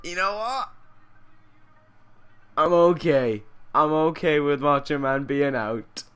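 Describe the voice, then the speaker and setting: A man commentating a wrestling video game, excitable, shouting and laughing at big moments, with rambling self-correcting asides. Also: fairly high pitch, takes it slowly, clean tone.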